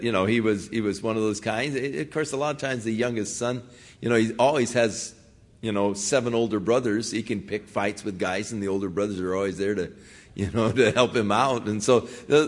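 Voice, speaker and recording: A man preaching a sermon, retelling a scripture story in a folksy, conversational way with frequent asides. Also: fairly low pitch. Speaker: pastor.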